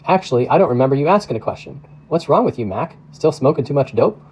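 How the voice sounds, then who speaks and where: A man's voice: mid-range voice, animated, quick pace, a little mellow, husky, poor audio. A man voicing a chatty, teasing middle-aged woman postmaster with a Midwestern accent and a folksy manner. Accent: Midwestern American.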